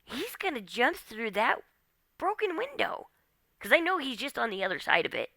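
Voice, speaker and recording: A woman with a bright, gravelly voice tells her own story straight to camera, tense and full of "like" and "okay?" fillers. Her voice sits dry and close on the mic. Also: a little high, very animated, normal speed, no echo. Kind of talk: personal storytelling monologue.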